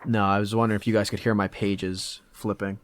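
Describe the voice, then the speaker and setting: Podcast co-host, man, lowish voice, dry and wry. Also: flat delivery, fairly quick. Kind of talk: casual podcast chat.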